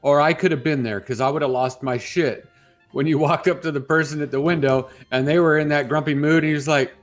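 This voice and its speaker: A man's voice: a little high, steady tone, fairly quick, soft background music. A man co-hosting a morning radio show, chatting and teasing his co-host in a casual, laughing way. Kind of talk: casual chat.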